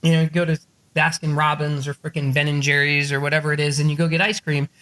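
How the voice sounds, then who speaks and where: A man who is a podcast guest and author, telling profane, excitable stories and acting out quotes in a raised voice. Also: a little high, quick pace. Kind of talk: animated storytelling in an interview.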